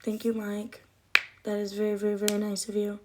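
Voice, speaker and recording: A woman's voice: medium pitch, completely flat delivery, a little fast, mellow, a little hiss or hum. A young woman chatting casually on a livestream, rambling, emotional and swearing often. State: cold, shivering.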